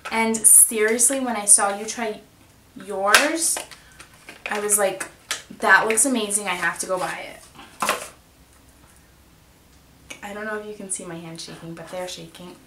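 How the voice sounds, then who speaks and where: A woman beauty vlogger gushes her way through an unboxing in a slow, drawn-out voice, full of breathless exclamations. She sits some way back from the mic, so her voice sounds distant. Her voice echoes around the room over steady background noise. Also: mid-range voice. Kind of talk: excited unboxing vlog.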